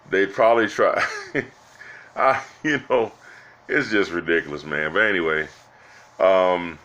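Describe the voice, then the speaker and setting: A man's voice: low voice, a bit bright, highs cut off. A man giving rambling, exasperated political commentary to his viewers, with many restarts, calling them "guys" and "y'all". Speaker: political vlogger.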